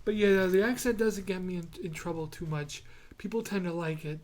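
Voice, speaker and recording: A man's voice: high-pitched, fairly quick, a little mellow. New York-accented man rambling casually. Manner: rambling, restarts, storytelling. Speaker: podcast host. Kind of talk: casual chat.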